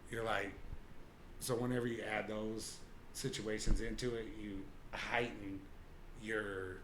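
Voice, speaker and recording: Slow and level, a young man's fairly low, slightly bright voice carries a casual podcast chat as a guest. He wanders from point to point, filling his talk with "like" and "you know." A bit of hiss or hum is audible.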